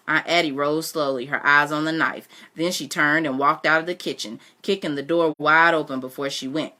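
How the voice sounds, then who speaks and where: Low, bright-toned woman reading aloud. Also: fairly even intonation, moderate pace. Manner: chatty and reflective, uses fillers. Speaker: reader. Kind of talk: reading aloud with personal commentary.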